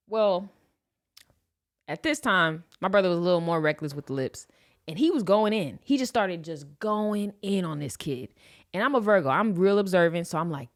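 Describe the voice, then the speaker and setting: A woman in her late twenties from Los Angeles, telling a personal story on a podcast in a slangy, animated way and acting out the scenes. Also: on the low side. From Los Angeles, USA. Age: 20s. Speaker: podcast host. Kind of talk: casual storytelling.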